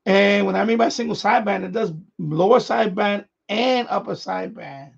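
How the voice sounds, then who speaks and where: High raspy-voiced man, rambling chat. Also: moderate pace, dull audio. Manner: rambling, repeats himself, chuckles often. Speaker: radio hobby live-stream host. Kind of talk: casual live-stream chat.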